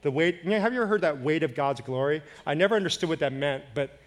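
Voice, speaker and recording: A man's voice: on the high side, lively intonation, fast. A man preaching a sermon as a conversational story, self-deprecating and laughing often.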